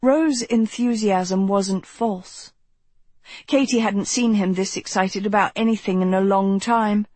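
A woman reading fiction aloud at an unhurried, measured pace. Her voice is husky, and the close recording sounds dry with no room around it. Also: medium pitch, steady tone, darkish tone, dry recording. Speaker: audiobook narrator. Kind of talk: scripted narration.

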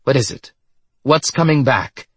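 A man's voice: mid-range voice, lively intonation, measured pace, a bit bright, slightly rough, no room sound, pitched above the performer's own voice, exaggerated voice. A man voicing an earnest amnesiac man who speaks with urgency in a storybook reading. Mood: urgent. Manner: urgent questioning.

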